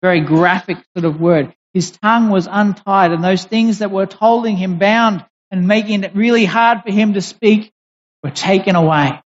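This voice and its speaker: Preacher, deliberate emphatic sermon, mid-range voice, long hall reverb, dull muffled recording. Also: mid-range voice. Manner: deliberate, emphatic, with pauses and restarts.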